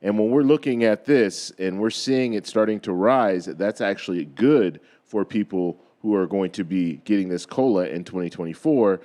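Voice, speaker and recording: Man, low voice, losing his voice, casual explainer host, repeats phrases, says "okay?" a lot. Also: normal speed, hardly any pauses, warm tone. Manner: repeats himself, frequent "okay?" check-ins. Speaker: host of a finance video channel. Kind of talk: casual explainer talk to camera.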